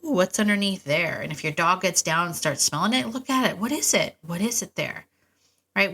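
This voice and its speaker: A woman's voice: lowish voice, pushed and bright. A middle-aged woman hosting a podcast, talking casually and with enthusiasm, with asides and restarts. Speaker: podcast host and dog trainer. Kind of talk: casual solo podcast talk.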